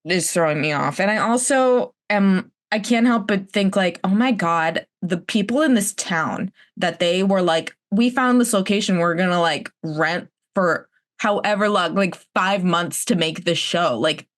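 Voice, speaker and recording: A young woman co-hosts a casual podcast. Her voice sits on the low side, and she rambles through loose stories, swearing freely and dropping animated asides. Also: measured pace, few pauses. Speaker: podcast co-host. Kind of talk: casual chat.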